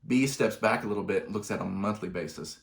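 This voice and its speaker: A man with a lowish voice walks through a finance lesson in a relaxed, conversational way. He stumbles and restarts a little, then drops in wry little asides. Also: quick pace, gravelly. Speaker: finance instructor. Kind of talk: explanatory video lesson.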